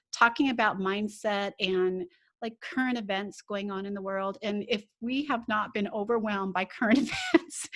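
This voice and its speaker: A woman's voice: mid-range voice, fairly bright tone. A middle-aged woman hosting a solo podcast, telling a personal story in a chatty way with laughs. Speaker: podcast host.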